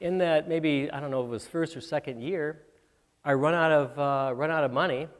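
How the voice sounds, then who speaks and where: A slightly high-voiced man from Michigan speaks as a guest entrepreneur, telling anecdotes to a student audience. He pauses often on fillers and restarts his sentences. His voice carries the long reverb of an auditorium. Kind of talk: storytelling lecture to students. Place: university auditorium.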